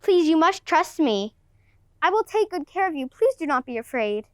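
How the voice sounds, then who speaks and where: A woman's voice: sits high, very animated, normal speed, darkish tone, no echo, clean studio sound. Woman playing Zeus, flustered, sneaky god. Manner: flustered, excuse-making. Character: sneaky, smooth-talking king of the gods. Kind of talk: student class play.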